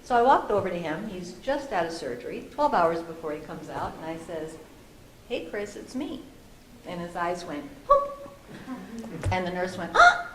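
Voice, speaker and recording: A woman panelist telling a lively story at a discussion panel, often laughing. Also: on the low side, brisk, hardly any pauses. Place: conference room with an audience. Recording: echoey room with faint noise.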